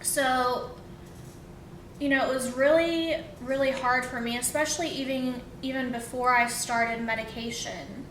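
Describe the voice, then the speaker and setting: A woman's voice: fairly even intonation, a little slow, fairly bright tone. A young woman, a vlogger, casually telling a personal story in a rambling, emotional way with many fillers. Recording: roomy echo, faint rumble.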